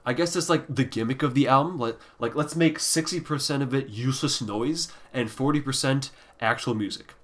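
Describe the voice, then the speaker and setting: A man's voice: medium pitch, a little fast, few pauses. Blunt, profane male music reviewer. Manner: trails off into quiet, deflated mutters. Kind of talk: casual ranking review.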